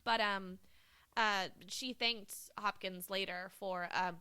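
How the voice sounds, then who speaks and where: A woman co-hosts a casual film podcast with a bright, forward voice. She talks with gushing enthusiasm, leaning on "like" and "um" as she goes. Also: mid-range voice, steady tone, slow pace, clear, resonant tone. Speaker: podcast co-host. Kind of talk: casual movie podcast chat.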